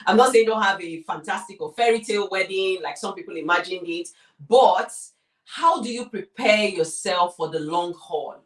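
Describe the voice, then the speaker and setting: In a roomy recording made far from the mic, this female co-host and lecturer talks at normal speed with a medium-pitched voice. The relationship talk is a conversational discussion, and she makes her points emphatically, repeats key words and turns straight to the viewers.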